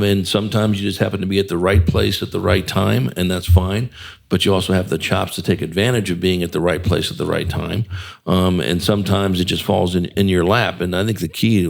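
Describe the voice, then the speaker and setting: A man's voice: low voice, fairly even intonation, a little fast, vocal fry. A man hosting a casual community interview show, rambling and jovial with many fillers. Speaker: radio show host.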